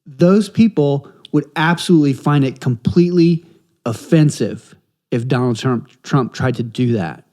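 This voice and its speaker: A man's voice: mid-range voice, measured pace, darkish tone. A man co-hosting a political talk podcast, emphatic and repeating points to drive them home. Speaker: podcast co-host. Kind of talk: casual political chat.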